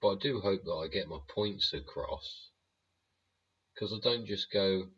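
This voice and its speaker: A man's voice: low-pitched, takes it slowly, fairly bright tone, breathy edge, muffled recording. A man hosting a live stream, ranting bluntly and rambling with plenty of swearing. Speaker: livestream host.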